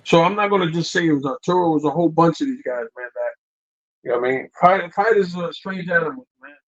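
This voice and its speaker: A man's voice: fairly high pitch, quick pace, muffled recording. A middle-aged man, a boxing trainer, telling stories casually and acting out quotes, tagging lines with "man" and "you know what I mean". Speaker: boxing trainer, interview guest. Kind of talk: casual storytelling.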